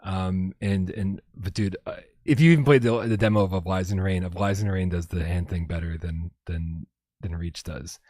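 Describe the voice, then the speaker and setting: Low-voiced, laid-back male host. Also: normal speed, darkish tone, no room sound, studio quality. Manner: casual, laughs often, swears, stumbles and restarts. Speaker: podcast host. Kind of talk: casual livestream chat.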